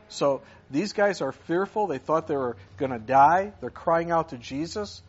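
A male pastor preaching a conversational sermon and reading scripture aloud, with his voice growing loud when he acts out cries for help. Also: fairly high pitch, slightly rough, muffled recording.

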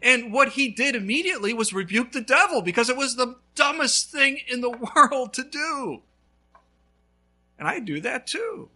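A male pastor preaching a sermon, telling a story with lively swings between loud and hushed. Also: extremely high pitch, normal speed.

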